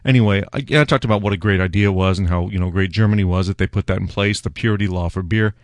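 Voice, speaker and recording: A man's voice: low voice, very fast, no room sound. A man hosting his own beer show, talking casually in a rambling, wry, self-mocking way as he tastes a beer. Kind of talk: casual solo beer-tasting talk.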